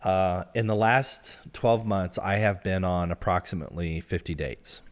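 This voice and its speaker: A Midwestern American man co-hosts a podcast, speaking in a deep voice with fairly even intonation and a slightly slow pace. In a casual chat, he talks candidly and a bit self-deprecatingly about his dating life.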